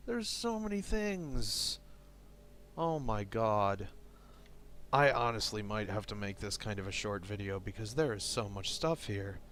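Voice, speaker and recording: A man giving casual, tired, low-energy commentary while he plays a game, mumbling into a desk microphone. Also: moderate pace, a bit bright, slight background noise. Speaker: let's play host. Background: game music.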